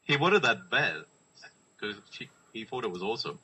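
Animated bright husky man. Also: medium pitch, moderate pace, lo-fi sound. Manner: laughs a lot, does silly voices. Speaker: podcast co-host. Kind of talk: casual movie commentary chat.

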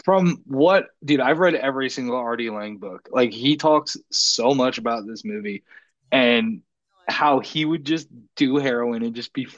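A man's voice: medium pitch, a little slow, dry recording. An enthusiastic man co-hosting a movie commentary, gushing over the film. He is recorded on a dull, muffled mic, and the sound is dry and close. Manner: enthusiastic, says "dude" a lot. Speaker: podcast co-host.

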